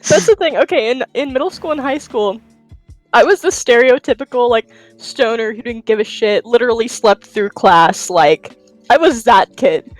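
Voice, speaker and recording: A woman's voice: fairly high pitch, moderate pace, soft background music, low-quality recording. A young woman, a podcast guest, telling laid-back stories in casual chat, laughing often and swearing.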